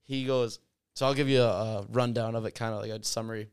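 A man in a casual sports chat, telling an animated story and acting out quotes in a raised voice. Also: mid-range voice, fast, clean tone, dry recording, clean studio sound.

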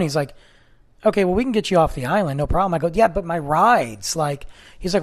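A man in his thirties or forties tells a personal story casually, from excited bursts down to near-hushed lines. His voice is a little husky and sits somewhat high. It moves through a wide, lively range of pitch. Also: quick pace. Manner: animated, swings from excited to hushed.

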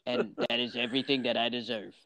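A man playing in a tabletop game, joking with a sarcastic, mock-gruff manner. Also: medium pitch, sing-song, fast, a bit bright, dry recording, poor audio. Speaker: player. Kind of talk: casual tabletop game banter.

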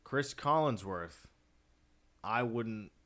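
A man's voice: on the low side, lively intonation, drawn-out words, a bit bright. A young man co-hosting a sports podcast, opinionated and blunt, often restarting his sentences. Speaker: podcast co-host. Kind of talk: casual chat.

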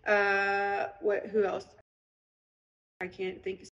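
A woman's voice: mid-range voice, completely flat delivery, very slow, a bit bright, in a large hall. Tearful woman on a dull livestream. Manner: rambling, earnest, preachy. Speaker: online seller on a live video. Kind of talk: emotional livestream monologue. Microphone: phone.

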